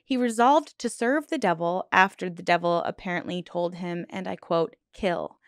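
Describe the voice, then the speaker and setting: A woman's voice: lowish voice, normal speed, no room sound, clean studio sound. Earnest woman telling a true crime story. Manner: earnest, emotional, choked up at times; conversational with many fillers and restarts. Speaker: true crime channel host.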